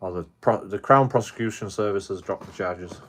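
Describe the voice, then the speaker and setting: Guy, lowish voice, just chatting on stream, swears every other word and keeps restarting. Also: fairly quick, slight background noise. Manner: rambling, heavily profane storytelling with frequent restarts. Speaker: live streamer. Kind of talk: casual livestream chat.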